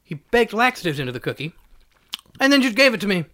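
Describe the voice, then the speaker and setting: Man, podcast co-host, casual comedic chat, self-mocking, halting, highish lively voice.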